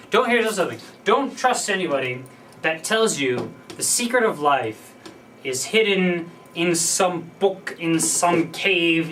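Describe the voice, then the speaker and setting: A man's voice: a little high, bright, forceful tone. A young man talking to camera in a casual, rambling personal monologue, full of fillers and restarts as he thinks aloud. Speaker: vlogger. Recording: voice a bit distant from the mic, faint background noise.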